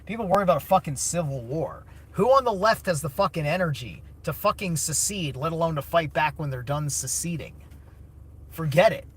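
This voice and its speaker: A man's voice: fairly high pitch, lively intonation, a little fast, husky. A man streaming a blunt, casual, opinionated monologue, swearing heavily and answering chat.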